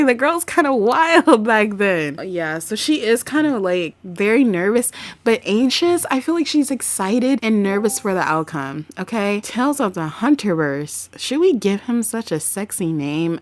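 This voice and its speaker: A chatty, excitable woman narrates her life-sim game in a casual let's play. She laughs often, swears freely and talks straight into a desk USB microphone. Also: fairly low pitch, no echo.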